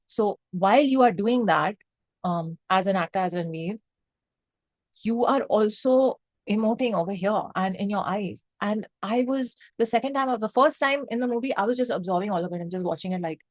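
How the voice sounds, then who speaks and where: An excitable young woman talks through a film scene by scene in a casual review. Her speech is emphatic and full of fillers, with swearing and Hindi phrases slipping in. She sits at a mid pitch in a dry, deadened room. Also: normal speed, no room sound. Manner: swears freely, lots of fillers like 'um' and 'like'.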